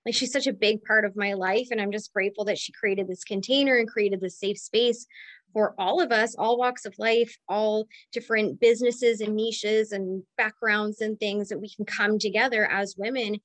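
A woman's voice: medium pitch, fairly even intonation, moderate pace, dry recording. Emotional chatty woman, dry sound. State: close to tears. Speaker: mastermind member and business owner. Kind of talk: heartfelt casual testimonial.

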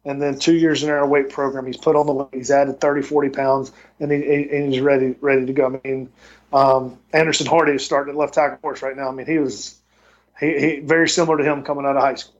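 A man's voice: medium pitch, flat delivery, fast talker, muffled recording. A man who coaches college football, telling recruiting stories in a casual podcast interview, with a lot of restarts and repeated words. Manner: rambling storyteller with many restarts. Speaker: football tight end coach and recruiting coordinator.

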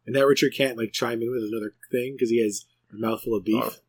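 A man's voice: mid-range voice, steady tone, quick pace, breathy edge, dry recording. Laid-back middle-aged man joking around. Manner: joking, easygoing. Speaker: podcast co-host. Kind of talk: casual chat.

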